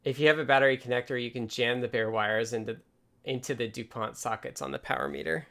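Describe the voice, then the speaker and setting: A man's voice: mid-range voice, steady tone, fast, gravelly, sharp tone. A man hosting a casual live stream from his home workspace, thinking aloud and explaining things step by step. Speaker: livestream host.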